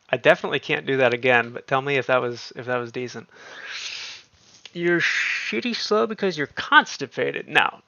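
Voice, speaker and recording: A man's voice: mid-range voice, lively intonation, moderate pace, gravelly, pushed and bright, no echo, highs cut off. A man hosting a casual livestream, chatting offhandedly with viewers and swearing freely. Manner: profane, offhand, talks to chat. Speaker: livestream host.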